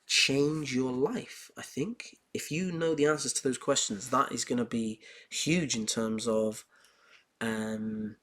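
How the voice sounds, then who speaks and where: A man's voice: medium pitch, a bit bright. Emphatic man telling stories. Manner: emphatic, heated storytelling with repetition. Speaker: podcast host. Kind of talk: casual monologue on self-improvement.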